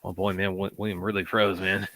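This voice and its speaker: Bright, deep-voiced easygoing man. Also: level tone, normal speed. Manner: easygoing, chatty, laughing. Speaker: podcast co-host. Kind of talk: casual chat.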